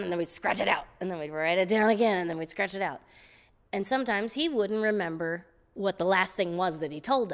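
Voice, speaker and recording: A woman guest on an interview show, telling stories in a lively, laughing way, often restarting her sentences. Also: on the low side. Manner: animated, laughing storyteller with frequent restarts. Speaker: guest vocalist. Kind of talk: casual interview storytelling.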